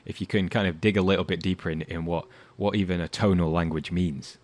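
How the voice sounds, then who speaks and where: A man's voice: sits low, fairly even intonation, a little fast, darkish tone. A man hosting a podcast, asking curious questions in a hesitant, casual way with many fillers. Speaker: podcast host.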